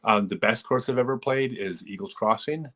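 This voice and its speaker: A man hosting a live stream, telling disc golf stories in a casual, animated way, often chuckling as he talks. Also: lowish voice, moderate pace. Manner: animated storyteller who chuckles and acts out quotes.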